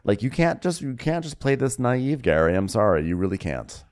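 A man's voice: fairly low pitch, sing-song, moderate pace, darkish tone. A man co-hosting a comedy podcast, riffing sarcastically and in an exaggerated way on a reality show. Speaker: podcast co-host. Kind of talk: comedic recap chat.

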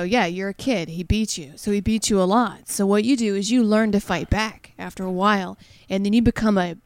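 A woman's voice: medium pitch, clear, resonant tone, dry recording. A woman co-hosting a comedy podcast, telling a rambling, escalating story. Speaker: podcast co-host. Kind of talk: casual comedy podcast chat.

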